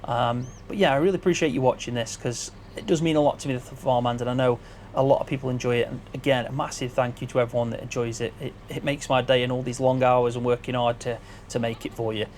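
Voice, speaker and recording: A man's voice: medium pitch, steady tone, fast talker, a little mellow, a little hiss or hum. A man on a headset mic, casually chatting behind the scenes as a gaming video creator. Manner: chatty, grateful, loose, with restarts.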